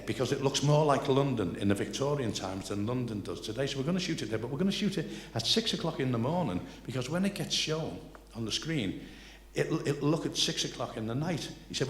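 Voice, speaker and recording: An older man with a Liverpool accent telling rambling, salty anecdotes live on stage, building excitement toward each punchline. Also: medium pitch. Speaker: comedian telling stories. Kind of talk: live stand-up storytelling. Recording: echoey live venue, faint noise.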